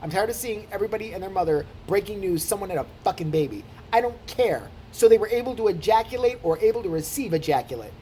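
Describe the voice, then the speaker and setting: Man, vlog rant, profane, sarcastic, quick, lively pitch. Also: a little hiss or hum. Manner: animated, swearing, sarcastic. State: tired from little sleep. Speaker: vlogger.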